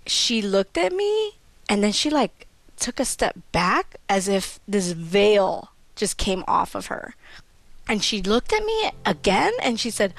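Guest storyteller, woman, expressive, acts out what people said. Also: medium pitch, measured pace, faint music behind. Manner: animated, acts out quoted voices, drops to near-whisper. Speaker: podcast guest. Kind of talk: emotional personal storytelling.

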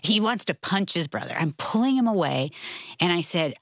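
A middle-aged woman co-hosting, telling a family story with lively animation. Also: lowish voice, a little fast, no echo, clean studio sound. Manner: animated storyteller, acts out voices. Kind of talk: casual faith discussion.

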